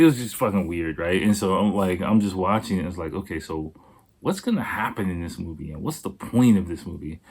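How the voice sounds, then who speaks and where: A man hosting a podcast, talking in a rambling, casual monologue full of swearing, fillers and restarts. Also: deep voice. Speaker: podcast host.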